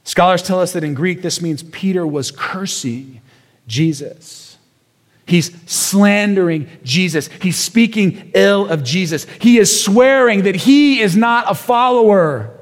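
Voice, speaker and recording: High-voiced man preaching a sermon. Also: measured pace, in a large hall. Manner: conversational storytelling, emphatic repetitions, rhetorical questions. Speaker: pastor.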